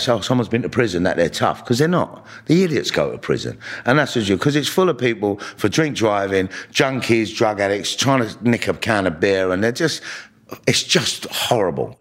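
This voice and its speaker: A middle-aged man, telling stories bluntly and profanely, often restarting his sentences. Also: medium pitch. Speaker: interviewee. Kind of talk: candid storytelling.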